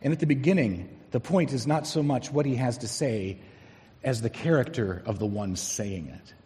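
A male pastor preaching a sermon, telling a story and slowing down to stress key words. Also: medium pitch, mellow. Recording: long hall reverb.

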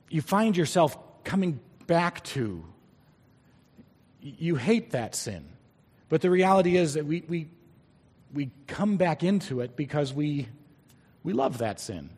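A man preaching a sermon in a church, speaking deliberately and stretching key words for emphasis. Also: a little high, a little mellow, husky, in a large hall. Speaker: pastor.

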